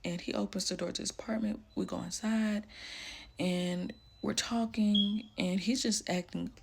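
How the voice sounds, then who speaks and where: A young woman telling a personal story casually, full of "like", often dropping into a hushed voice. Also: medium pitch, steady tone, moderate pace, gravelly, a little hiss or hum. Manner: casual, fillers like "like", drops to hushed tones.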